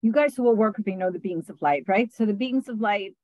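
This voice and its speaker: A woman, a spiritual channeler, speaking softly and earnestly on a group video call, often ending phrases with "right?". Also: mid-range voice, brisk, few pauses, no echo, poor audio.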